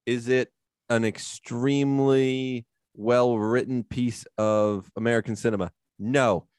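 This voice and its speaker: A man's voice: mid-range voice, steady tone, takes it slowly, darkish tone, smooth, no echo. A man co-hosting a casual podcast chat, sarcastic and mock-dramatic, swearing freely. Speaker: podcast co-host.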